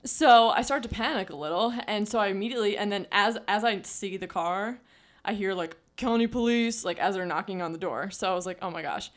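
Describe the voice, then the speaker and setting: Speaking a little fast in a mid-range voice, a young woman co-host shares a story on a podcast. It's relaxed, chatty storytelling loaded with "like" fillers.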